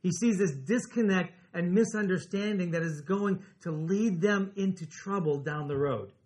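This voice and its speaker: Male pastor, high for a man, earnest sermon delivery, lingers on key words. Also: a little mellow. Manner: earnest, slows and drops his voice on key words.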